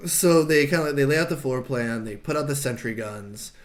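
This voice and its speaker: A man hosting a podcast, recapping a film in casual chat and loudly acting out the characters' lines as he goes. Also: medium pitch, normal speed. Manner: animated retelling, shouting out characters' lines. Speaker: podcast host.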